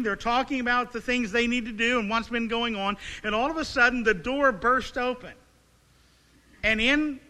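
A man preaching a sermon, reading scripture aloud and then retelling it as vivid storytelling with rhetorical questions and dramatic pauses. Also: very high voice, sharp tone. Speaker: pastor. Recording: long reverb of a large hall.

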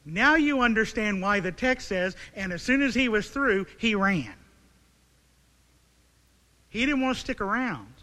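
A man preaching a sermon, reading scripture aloud and then retelling it as vivid storytelling with rhetorical questions and dramatic pauses. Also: sits high, pushed and bright. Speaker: pastor. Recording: long reverb of a large hall.

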